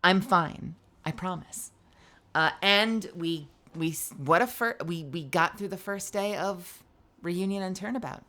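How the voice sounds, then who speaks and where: A woman's voice: lowish voice, unhurried, a bit bright. A tired woman streamer chatting casually with viewers. She rambles and giggles, often stopping and restarting her sentences.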